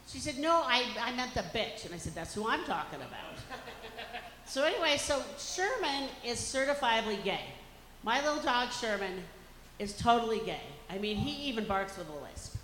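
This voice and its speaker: A woman's voice: on the high side, big pitch swings, moderate pace, fairly bright tone, a little hiss or hum. A woman performing a bawdy stand-up comedy set on a club stage. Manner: bawdy, brash punchlines. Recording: echoey club with reverb.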